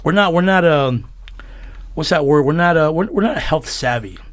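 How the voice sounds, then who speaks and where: A man's voice: on the high side, lively intonation. A man, a comedian guest, chatting casually on a podcast, swearing freely, telling stories and laughing often. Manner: profane, storytelling, quick to laugh. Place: small podcast room lined with foam.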